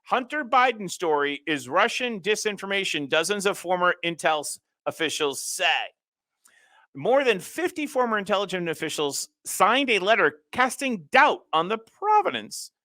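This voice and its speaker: A male talk show host delivers a political commentary monologue, reading quotes aloud and breaking in with mocking, sarcastic remarks. His pitch swoops and jumps as he talks, and his tone is bright and forceful. The sound is dry and close, with no room echo. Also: very animated, normal speed.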